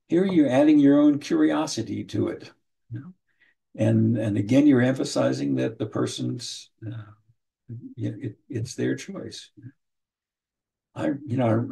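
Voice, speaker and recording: Gravelly, mellow-voiced man teaching counseling. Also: mid-range voice. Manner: measured, repeats starting words, acts out short client and counselor lines. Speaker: trainer teaching motivational interviewing. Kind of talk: online training lecture. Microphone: video call.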